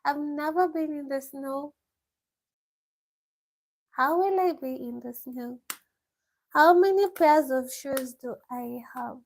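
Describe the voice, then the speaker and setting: Woman vlogger, unhurried casual live-stream Q&A, reads each question aloud and answers it. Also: high-pitched, a little hiss or hum. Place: village home.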